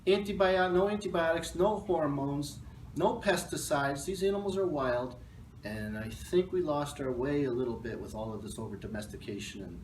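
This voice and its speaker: Casual guy host, joking around and rambling, sounds a few feet off the mic in a roomy space with some faint hiss. middle pitched, easygoing. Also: lively intonation, normal speed. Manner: joking, rambling, laughs often. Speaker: talk show host. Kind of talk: casual livestream chat. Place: arts center room. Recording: echoey room, mic at a distance, faint noise.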